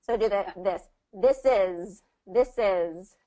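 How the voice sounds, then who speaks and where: A woman coaching English pronunciation in a one-on-one video call lesson, patient and encouraging, modelling phrases slowly. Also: mid-range voice, mellow, rough recording.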